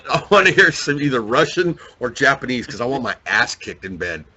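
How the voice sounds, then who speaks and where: A man's voice: mid-range voice, fairly quick, dull audio, a crowd in the background. A man co-hosting a casual webcast chat, joking and laughing a lot. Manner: joking, laughs often, animated. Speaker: co-host.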